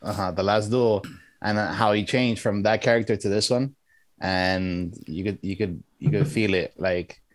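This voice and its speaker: A low-voiced man talks through his take in a casual movie review chat. He hesitates and restarts often, and the sound is dry and close. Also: fairly even intonation, normal speed, no room sound. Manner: hesitant, many restarts and fillers. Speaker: podcast co-host.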